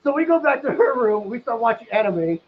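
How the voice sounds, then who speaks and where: A man telling a crude comic story casually, rambling with lots of fillers and bursting into loud excited outbursts. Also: very high-pitched, brisk, slight background noise. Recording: dull lo-fi sound.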